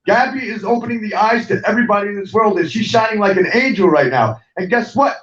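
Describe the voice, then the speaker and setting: A man's voice: high voice, lively intonation, fast talker, crowd noise. A middle-aged man hosting an online talk show, ranting angrily and profanely and repeating himself as he speaks straight to viewers. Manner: angry, profane, repetitive, talks straight at viewers. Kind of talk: heated livestream rant. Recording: dull, roomy sound from a distant mic.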